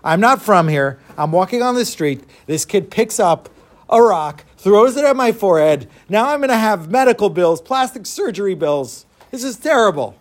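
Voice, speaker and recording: A man playing an indignant adult male traveler who protests loudly at injustice. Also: high-pitched, expressive, normal speed, voice pushed up. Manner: shouting, outraged protests.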